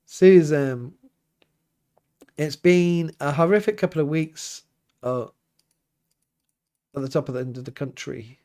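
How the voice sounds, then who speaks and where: Easygoing priest hosting a livestream, fairly high voice. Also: male voice, slow pace, pauses often. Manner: reads out viewer comments and chats back; easygoing, laughs often. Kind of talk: casual livestream chat. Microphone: livestream mic.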